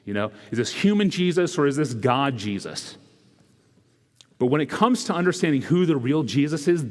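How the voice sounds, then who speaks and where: Preaching in a church sanctuary, this man's voice runs on the high side. His conversational sermon is peppered with rhetorical asides, lurching from loud rapid bursts to quiet, slow lines, and the recording echoes like a church hall.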